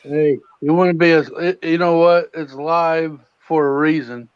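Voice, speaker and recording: Reassuring man with a slightly high, muffled voice. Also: steady tone, measured pace, clear, resonant tone. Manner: reassuring, laughs often. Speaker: co-host. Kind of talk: casual livestream chat. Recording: dull lo-fi sound.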